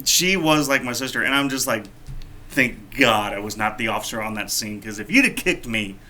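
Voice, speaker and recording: Bright-voiced man telling a profane story. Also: lowish voice, lively intonation, moderate pace, slight background noise. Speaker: podcast co-host. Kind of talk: casual storytelling chat.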